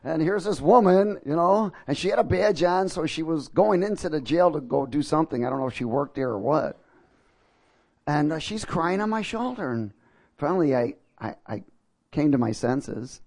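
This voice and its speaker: A male pastor leading prayer and preaching a sermon to a congregation, telling a personal story with fervent bursts of loud exclamation. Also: on the high side, expressive, moderate pace.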